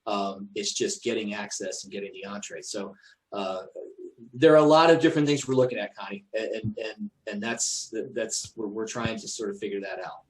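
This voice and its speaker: A man's voice: lowish voice, moderate pace, rough recording. Hesitant man answering questions on a call. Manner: hesitant, many restarts and fillers. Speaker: presenter at an association meeting. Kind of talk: conversational Q&A on a call.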